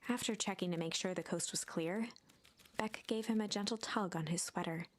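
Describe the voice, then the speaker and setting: A woman reading story narration aloud in a soft, breathy, half-whispered voice. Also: lowish voice, moderate pace, a little hiss or hum, voice pushed down, close to an everyday voice. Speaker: narrator of the game text.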